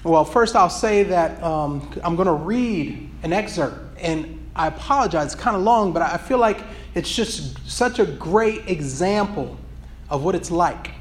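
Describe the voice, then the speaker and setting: A man's voice: high-pitched, animated, a little slow. A man preaching in a loose, rambling way, with many restarts, before reading from a book. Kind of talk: sermon with read excerpt.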